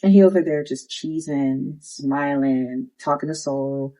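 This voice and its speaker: A young woman with a low voice gives a casual, slangy recap of a reality dating show, sassily acting out the cast's lines as she retells them. She speaks unhurriedly, and the audio is poor.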